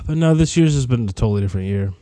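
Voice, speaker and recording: A young man in his twenties talks alone in a rambling audio diary, cursing freely and jumping between gripes. He is sick, and his mellow, dark voice carries a rough edge from it. The sound is dry and close, with no room around it. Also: medium pitch, animated, quick pace, no echo. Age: 20s. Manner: profane, rambling rants that drift between topics. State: sick with a cough.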